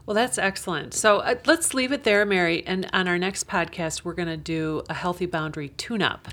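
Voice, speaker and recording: A woman's voice: fairly low pitch, moderate pace, fairly bright tone. A woman hosting a podcast interview, encouraging her guest and wrapping up the episode. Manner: encouraging, lots of short backchannels. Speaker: podcast host. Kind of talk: casual interview.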